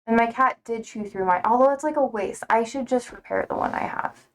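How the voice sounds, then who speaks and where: A young woman talks to her stream viewers from home in a slightly higher-than-average voice. She rambles from one thought to the next and drops casual swears. She laughs easily throughout. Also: fairly quick. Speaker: live streamer. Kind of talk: casual chat to a live stream.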